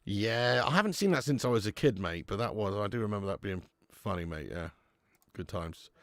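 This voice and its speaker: Young bloke, watch-along host; gravelly, bouncy pitch, swears, says "mate" a lot. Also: male voice, lively intonation, fairly quick, no room sound. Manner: chatty and laughing, swears freely, calls viewers mate. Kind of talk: live casual chat reading viewer comments.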